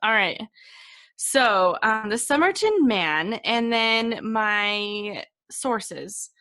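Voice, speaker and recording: A woman's voice: mid-range voice, lively intonation, very slow, sharp tone. A young woman co-hosting a podcast, chatting casually and laughing often as she sets up a story. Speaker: podcast co-host. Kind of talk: casual chat.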